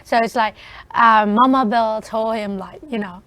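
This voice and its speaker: A woman co-hosting a radio show, talking about a film in a hesitant, halting way full of "you know" and "like". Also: on the high side, a bit bright, dry recording. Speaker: radio co-host. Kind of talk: casual film review chat.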